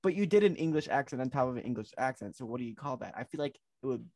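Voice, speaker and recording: A man's voice: mid-range voice, expressive, racing, a little mellow. A man hosting a podcast in casual chat, giggly and playful, often restarting his sentences. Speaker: podcast host.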